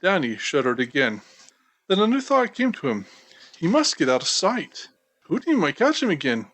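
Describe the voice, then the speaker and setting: Expressive man reading a children's book. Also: a little high, moderate pace. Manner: expressive, storytelling. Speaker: audiobook reader. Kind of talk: children's audiobook narration.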